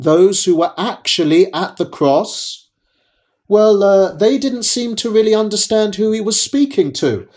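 A pastor delivering a sermon in a slightly higher-than-usual male voice. He speaks very slowly and deliberately, repeating his phrases for emphasis and pausing often between them. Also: darkish tone. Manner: measured, repetitive, emphatic preaching with pauses.

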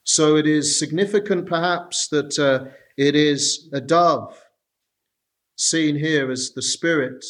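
Measured male preacher, slightly high voice. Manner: measured, reads verses aloud then explains with frequent "uh" pauses. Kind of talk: expository sermon.

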